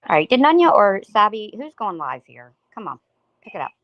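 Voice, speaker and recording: Gravelly-voiced woman hosting a livestream. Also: medium pitch, big pitch swings, fairly quick, dry recording, lo-fi sound. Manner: blunt, conversational, swears casually. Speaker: livestream host. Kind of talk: casual live-stream chat.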